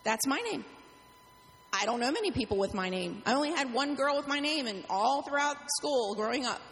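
A middle-aged woman pastor telling a story in a sermon, acting out the quotes with lively animation. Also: high-pitched, normal speed. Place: church sanctuary. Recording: echoey hall, faint hum.

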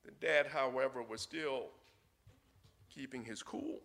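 A male pastor delivers a storytelling sermon at a slow, deliberate pace. His voice sits a little high and has a gravelly texture, with a bright, forward tone. He pauses often and leans into folksy detail. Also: a little hiss or hum.

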